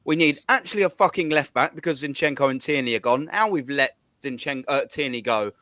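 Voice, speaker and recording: A man's voice: mid-range voice, a little fast, bright, forceful tone, dry recording. A man hosting a fan channel, ranting about football with heavy swearing and hard emphasis. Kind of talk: heated football fan rant.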